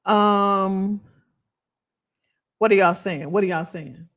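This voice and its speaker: A woman with a mid-range voice speaks slowly as she hosts a motivational live stream, reading viewer comments and cheering people on. Animated, preachy and encouraging, she keeps repeating her phrases.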